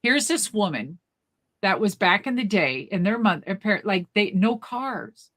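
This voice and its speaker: A woman co-hosting a live stream chat, telling lively family stories and loudly acting out the people she quotes. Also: mid-range voice, normal speed. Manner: animated, acts out quoted voices loudly. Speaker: co-host. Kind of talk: casual storytelling chat. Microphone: live stream, remote.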